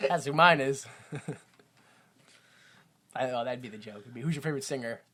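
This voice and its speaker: A man co-hosting a comedy podcast, recapping a film casually, acting out characters in quick silly voices and laughing often. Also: medium pitch, a bit bright. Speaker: podcast co-host.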